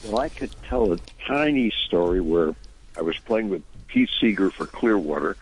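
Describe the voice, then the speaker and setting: A man's voice: fairly low pitch, expressive, normal speed, breathy edge, poor audio. An older man, a musician and radio guest, telling long earnest anecdotes in a rambling conversational way that drifts into preaching. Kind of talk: conversational storytelling.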